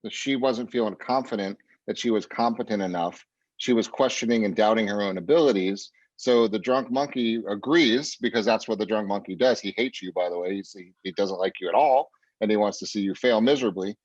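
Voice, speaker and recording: Brief emphatic male trainer, lower voice, dry close sound, slightly dull audio. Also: brisk, darkish tone, no room sound. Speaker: real estate trainer. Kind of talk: coaching talk.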